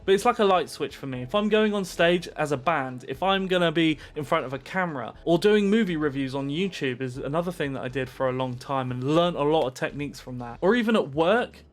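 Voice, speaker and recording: Man, advice vlog, animated delivery, slightly high voice, soft music behind. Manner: animated, pumped-up presenter energy. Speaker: Twitch streamer giving advice. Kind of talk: energetic direct-to-camera advice vlog.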